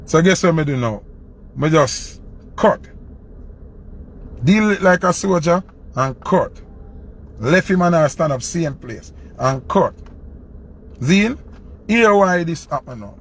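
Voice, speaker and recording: A man with a Jamaican accent, a dancehall selector telling a personal story in an animated, rambling way. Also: fairly high pitch, gravelly, breathy edge. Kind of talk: casual storytelling to camera.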